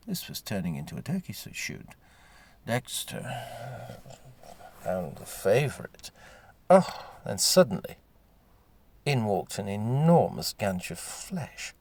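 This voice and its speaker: A man reading a story aloud, wry and unhurried. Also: deep voice, very animated, darkish tone, no room sound. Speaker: narrator.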